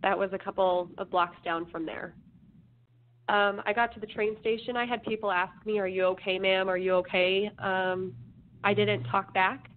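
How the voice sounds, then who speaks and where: A woman guest slowly telling her life story in an interview, with measured pauses. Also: mid-range voice, steady tone. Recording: phone line with faint hiss.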